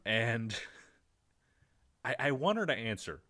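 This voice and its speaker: A man's voice: medium pitch, sing-song, very slow, sharp tone. A man co-hosting a casual podcast, making wry, joking complaints. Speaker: podcast co-host. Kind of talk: casual chat.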